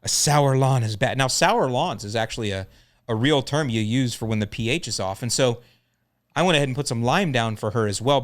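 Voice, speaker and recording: A middle-aged man hosting a lawn care podcast, telling a story in a casual, joking way. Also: mid-range voice.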